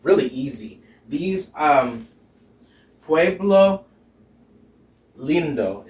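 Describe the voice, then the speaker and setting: A man's voice: a little high, animated, slow pace, pauses often, a little mellow, far from the mic, slight background noise. A man, a drag queen hosting a home cooking show, chatting casually and sassily with frequent laughs while cooking. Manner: chatty, sassy, laughs often. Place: home kitchen. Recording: echoey room, off-mic.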